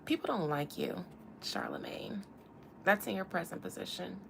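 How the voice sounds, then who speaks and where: Sassy Southern woman with a gravelly drawl. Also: mid-range voice, lively intonation, normal speed, background noise. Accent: Southern American. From American South. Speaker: tarot reader and channel host. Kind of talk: casual livestream reading.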